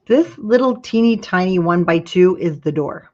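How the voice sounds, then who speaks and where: A woman's voice: on the low side, lively intonation, normal speed, a little mellow, highs cut off. A woman hosting a live craft tutorial, chatting to her viewers while she works and yawning now and then. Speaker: craft class host.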